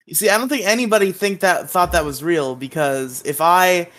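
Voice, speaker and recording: High-voiced dry-humored man. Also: normal speed, a bit bright. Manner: dry, laughing, sarcastic. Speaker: podcast co-host. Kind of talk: casual chat.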